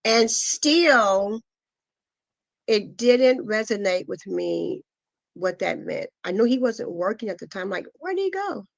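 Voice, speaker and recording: Halting middle-aged woman, dry close sound. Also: medium pitch, creaky, dry recording. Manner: halting, with many pauses and fillers; earnest, intense retelling. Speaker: guest, asthma foundation founder. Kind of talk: emotional personal testimony.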